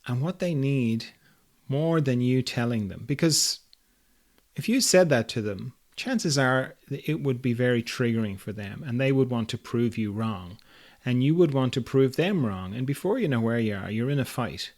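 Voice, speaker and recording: Man, host, gentle, playful, chuckles often, reflective spiritual talk, middle pitch. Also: expressive, moderate pace.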